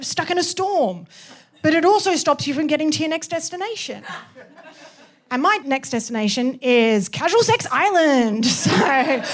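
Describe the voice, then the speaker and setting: This is a high, bright-pitched Australian woman performing stand-up comedy live in a theatre. She talks chattily, giggles between lines and breaks into little cheers. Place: live theatre stage with audience.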